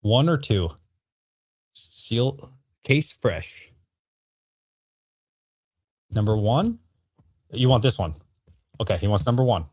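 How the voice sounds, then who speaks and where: A man in his thirties talks loosely and jokingly to his live chat, full of slang. His voice sits a bit low. The sound is dry and close, with no room echo. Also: big pitch swings, normal speed, long pauses, a little mellow, breathy edge. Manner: laid-back slangy talk, frequent "bro" and laughter. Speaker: streamer selling and opening trading cards. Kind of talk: casual live-stream chat.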